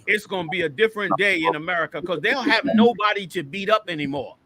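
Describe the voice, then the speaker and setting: A man's voice: high voice, fast talker, a crowd in the background. A man hosting an online show, giving heated, emphatic commentary over video clips and repeating his points like a preacher. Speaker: host.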